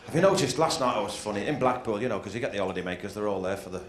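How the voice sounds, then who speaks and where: A man's voice: on the low side, expressive, rapid-fire, some chatter behind. A man doing observational stand-up comedy on stage, chatting and putting questions to the audience. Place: stage before a live audience. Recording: roomy live-show audio with loud background noise.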